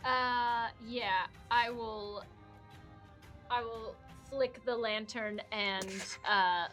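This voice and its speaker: A woman playing a tabletop game in casual chat, upbeat and quick to cheer her own rolls. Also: a little high, fairly even intonation, fairly bright tone, highs cut off, faint music behind. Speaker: player.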